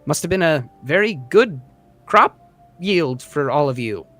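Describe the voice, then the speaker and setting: A man's voice: fairly high pitch, lively intonation, measured pace, fairly bright tone, faint music behind. A man voicing a sheepish, hungry little male escort who stammers and fumbles his words. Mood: grateful. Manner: flustered and stammering.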